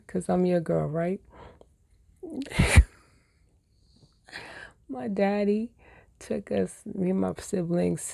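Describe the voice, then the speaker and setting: A woman in her forties with a low, gravelly, husky voice, chatting to camera about her childhood. She wanders and corrects herself as she remembers. Her tone is dark and mellow, and the room sound is dry and close. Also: dry recording. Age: 40s. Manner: meandering, self-correcting, reminiscing. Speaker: vlogger. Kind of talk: casual personal storytelling.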